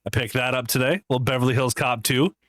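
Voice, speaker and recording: A man's voice: mid-range voice, quick pace, dry recording. A man co-hosting a podcast in casual chat, telling crude jokes and stories and laughing often. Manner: crude joking, laughs often, animated storytelling. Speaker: podcast co-host.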